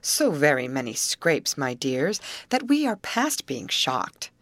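A quick-tempered, spirited teenage girl, as a woman reader puts her on, lively and sharp-tongued. She is pitched above the reader's own low voice. The sound is dry and close, with no room echo. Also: full character voice. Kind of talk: audiobook character voice.

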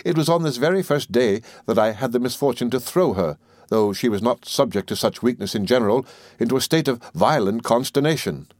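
A man reads a classic novel aloud for an audiobook, telling the story in a measured, even way. His voice sits in the mid-range, and there's no echo. It's scripted narration.

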